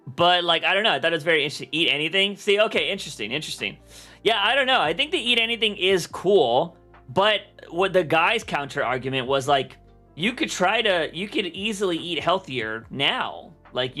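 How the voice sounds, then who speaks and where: A man's voice: fairly high pitch, expressive, brisk, bright, forceful tone, faint music behind. A young man chatting casually on a livestream, rambling with lots of fillers and restarts. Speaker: streamer.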